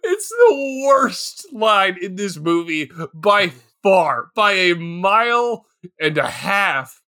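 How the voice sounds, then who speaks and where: An excitable young man with a high, bright voice that swings widely in pitch. He stammers and restarts as he reacts during a casual movie chat. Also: takes it slowly. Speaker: podcast co-host.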